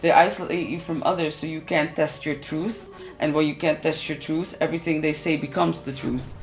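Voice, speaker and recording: A woman's voice: low voice, fairly even intonation, normal speed, soft background music. A woman telling her own experience in an earnest, intense way. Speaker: interviewee sharing her experience. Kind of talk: personal testimony.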